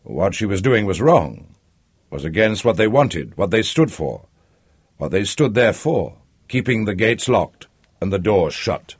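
A man reads a literary audiobook in a low, husky voice. His intonation moves a lot and the reading is measured and expressive. The recording is dry and close. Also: dry recording. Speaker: audiobook narrator.

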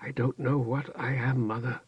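A man voicing a shy young woman who speaks softly, just above a whisper, in an audiobook. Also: fairly high pitch, normal speed, creaky, husky, no room sound, highs cut off, pitched above the performer's own voice. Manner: soft, near-whispering, gentle. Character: shy soft-spoken young woman, Tehanu.

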